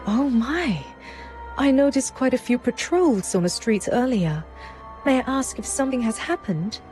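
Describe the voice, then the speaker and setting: A woman voicing a shrewd, composed female merchant proprietress who talks in a calm, polished and cunning way in a game cutscene. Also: fairly high pitch, normal speed, over music, close to an everyday voice. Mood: feigned innocence.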